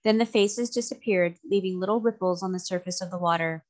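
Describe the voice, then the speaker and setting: A woman narrating a children's novel aloud in a steady, even way. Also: on the low side, fairly quick. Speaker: storybook reader.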